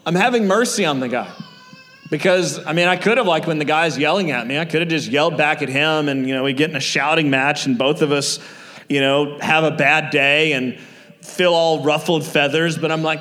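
Male preacher, earnest and chatty, slightly high voice, long hall reverb. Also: moderate pace, a bit bright. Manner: earnest, conversational, many fillers. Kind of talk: sermon.

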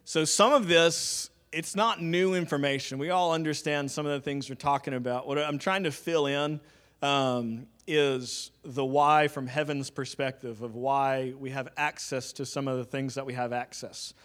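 A man's voice: mid-range voice, steady tone, moderate pace, fairly bright tone. A man preaching a sermon in a conversational teaching style, with casual fillers and joking asides.

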